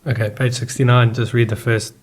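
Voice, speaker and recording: A man's voice: medium pitch, little pitch movement, brisk. A man co-hosting a casual podcast, teasing and prompting the others. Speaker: podcast co-host. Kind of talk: casual chat.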